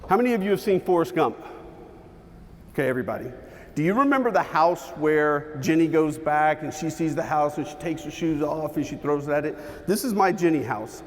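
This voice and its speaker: A man's voice: fairly high pitch, expressive, a little hiss or hum. Man telling a story in a big hall. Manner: dramatic storytelling with pauses and shifts in pace. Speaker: keynote speaker. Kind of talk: motivational keynote storytelling. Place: large hall with an audience.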